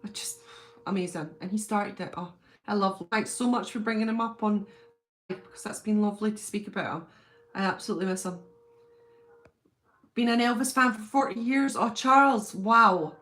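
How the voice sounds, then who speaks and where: British lady on a home livestream, chatty and gushy, reading comments and getting all excited. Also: medium pitch, fairly quick, long pauses. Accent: British English. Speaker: live stream host. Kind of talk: casual live chat reading viewer comments.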